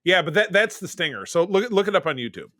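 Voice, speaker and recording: A man's voice: sits high, big pitch swings, quick pace, bright, forceful tone, no echo, studio quality. A man co-hosting a podcast, chatting casually about a film, rambling and restarting his sentences. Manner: rambling, self-interrupting, trails into summaries. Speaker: podcast co-host. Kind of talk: casual movie discussion.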